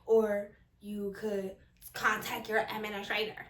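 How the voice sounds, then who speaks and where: A strict, flat-toned female exam proctor, as a young woman storyteller mimics her. She speaks lower and quieter than the teller's usual bright voice, matter-of-fact and unmoved. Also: measured pace, lightly acted. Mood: dismissive.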